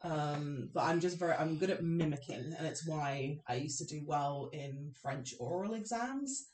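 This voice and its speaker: A woman co-hosting a podcast, chatting casually with relaxed, dry interjections. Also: deep voice, moderate pace, a little hiss or hum. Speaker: podcast co-host. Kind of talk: casual chat. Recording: roomy, distant mic.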